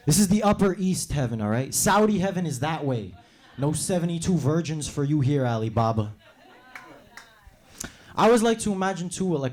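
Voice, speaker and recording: A young man from New York doing a brash stand-up comedy set on a club stage, acting out characters in quick voices. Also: on the high side, darkish tone. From New York City. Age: young adult.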